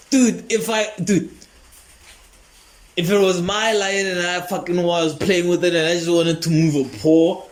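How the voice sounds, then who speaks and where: A man's voice: high-pitched, fairly even intonation, slow, pauses often. A man hosting a comedy podcast, telling a rambling, profane story and laughing often. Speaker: podcast host.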